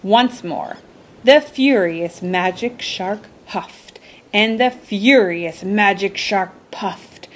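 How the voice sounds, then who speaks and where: A woman reading a children's storybook aloud with slow, emphatic, expressive delivery. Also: medium pitch, a little hiss or hum.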